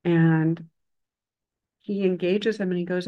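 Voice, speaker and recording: A woman meditation teacher tells a story in an unhurried, conversational way. She pauses often and lets each phrase hang before going on, keeping a gentle tone through the teaching. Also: deep voice, steady tone, highs cut off. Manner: uses a loud, bright voice for quoted speech. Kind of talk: dharma talk storytelling.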